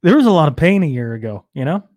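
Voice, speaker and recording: Fast, lively male radio co-host. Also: fairly high pitch, no room sound. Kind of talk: studio banter. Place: radio studio.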